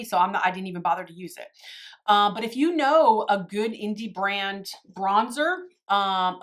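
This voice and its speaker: A woman films a casual makeup tutorial and chats straight to her viewers. She rambles from product to story, pokes fun at herself, and laughs easily, at a medium pitch for a woman. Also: a bit bright. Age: adult, married. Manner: chatty, rambling, self-deprecating, laughs often. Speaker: beauty YouTuber.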